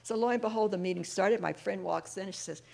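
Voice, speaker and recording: A middle-aged woman sharing her personal testimony with a recovery group, an animated storyteller who acts out the voices of the people in her story. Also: medium pitch, fast talker, vocal fry, slight background noise. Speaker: speaker sharing at a recovery meeting.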